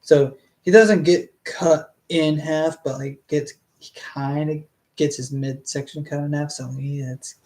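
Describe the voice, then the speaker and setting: Slow-talking streamer reading a book to chat, keeps stopping to ramble and second-guess stuff. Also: medium pitch, steady tone, darkish tone. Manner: rambling and hesitant, with many restarts and trailing asides. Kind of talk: casual live-stream reading with rambling commentary.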